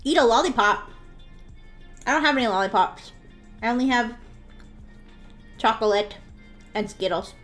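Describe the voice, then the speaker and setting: A woman's voice: a little high, normal speed, pauses often, a bit bright, faint music behind. A woman streaming while she draws, chatting playfully with her viewers, giggling often and sometimes acting out a bratty daughter for laughs. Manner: acts out a bratty daughter in jest. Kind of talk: casual live-stream chat while drawing.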